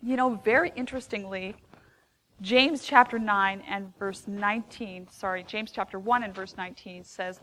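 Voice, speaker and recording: A woman counselor giving a live seminar to an audience, conversational and expressive. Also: medium pitch, moderate pace, low-quality recording. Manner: expressive, acts out quoted phrases; conversational with small restarts.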